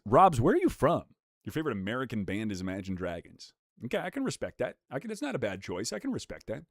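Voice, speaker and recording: A man's voice: medium pitch, no echo, studio quality. A young man streaming live, bantering with chat in a joking, profane way.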